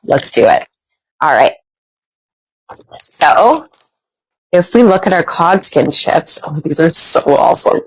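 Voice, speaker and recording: A woman's voice: fairly low pitch, slow pace, long pauses, slightly rough, no room sound, low-quality recording. Bubbly woman hosting a live shopping stream. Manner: bubbly, excitable, chatty. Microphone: clip-on microphone.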